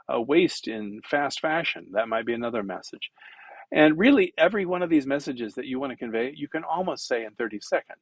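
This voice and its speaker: A man's voice: mid-range voice, husky, no room sound, low-quality recording. A man teaching public speaking in a conversational lecture, demonstrating as he goes and using many fillers. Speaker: instructor.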